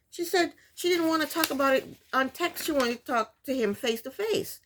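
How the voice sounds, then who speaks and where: A woman's voice: high voice, expressive, fairly quick, few pauses. A woman vlogger recapping a reality TV episode in casual, opinionated commentary, exasperated and loose, with frequent restarts. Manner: loose, full of restarts and fillers.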